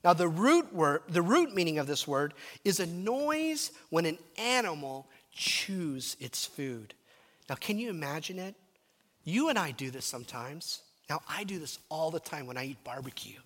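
Lively preaching man in a hall. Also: on the high side, moderate pace. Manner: animated, storytelling, drops to a murmur at times. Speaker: pastor. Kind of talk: sermon. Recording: reverberant hall.

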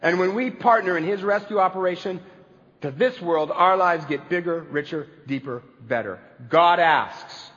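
High-voiced man preaching in a reverberant hall. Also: moderate pace, fairly bright tone. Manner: earnest storytelling preacher, building to emphatic climaxes. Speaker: pastor. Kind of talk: sermon. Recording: reverberant hall, dull lo-fi sound.

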